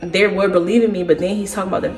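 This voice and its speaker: A young woman vlogger telling a personal story in a casual, animated way. She keeps addressing her listeners directly. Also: mid-range voice, rapid-fire, soft background music. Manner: acts out other people's words as she tells it.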